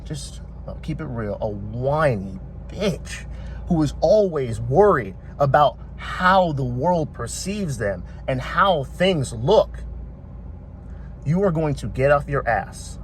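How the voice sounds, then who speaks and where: A man in his thirties giving a blunt, profane motivational rant, talking forcefully and preachily. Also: on the high side, very animated, takes it slowly, slight background noise. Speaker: commentator.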